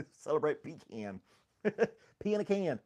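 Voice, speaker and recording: A man's voice: a little high, very animated, takes it slowly, darkish tone. A man hosting a casual livestream chat, rambling and joking, laughing often at himself. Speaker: host.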